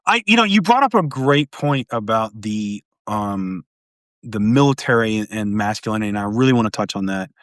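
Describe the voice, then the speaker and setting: A man hosting a casual political discussion, rambling with frequent restarts and animated jokes. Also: lowish voice, moderate pace, dry recording, clean studio sound. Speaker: podcast host.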